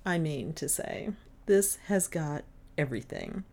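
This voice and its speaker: A woman's voice: low-pitched, expressive, a little slow, vocal fry, a little mellow. A woman casually gushing about a book she has just read aloud. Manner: gushing, enthusiastic. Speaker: audiobook reader.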